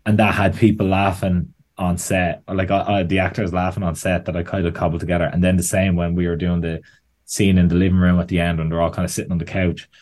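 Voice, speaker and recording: A deep-voiced Irish man talks about his filmmaking in a relaxed interview. He rambles and restarts his sentences, leaning on "kind of" and "like" as he goes. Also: fast. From Ireland. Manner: rambling, self-correcting, frequent "kind of" and "like". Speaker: writer and director, guest. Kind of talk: casual interview chat.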